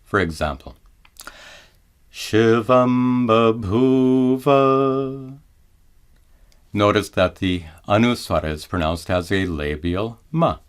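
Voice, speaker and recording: A man teaching Vedic pronunciation in a measured, scripted lesson, chanting his examples slowly and drawn out. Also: low voice. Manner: slow and deliberate, chants examples in drawn-out tones.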